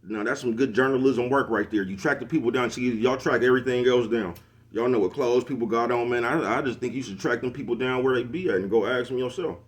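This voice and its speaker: A man's voice: medium pitch, quick pace. A middle-aged man ranting casually to the camera, laid-back and slangy, always asking if you know what he's talking about. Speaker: vlogger hosting his own show.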